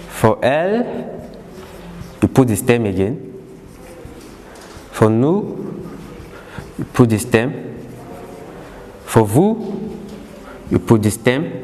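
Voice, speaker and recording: A man's voice: medium pitch, a little mellow. A man teaching French verb conjugation in English, explaining patiently and repeating each word again and again. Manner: repetitive, drills words again and again. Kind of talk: slow classroom explanation. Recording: long reverb with faint background noise.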